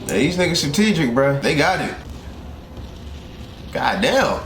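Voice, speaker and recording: A young man from South Carolina, reacting to an anime in casual, excitable and profane commentary from a room at home. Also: fairly high pitch, fast talker. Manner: excitable, profane, animated outbursts. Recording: roomy echo, faint background hiss.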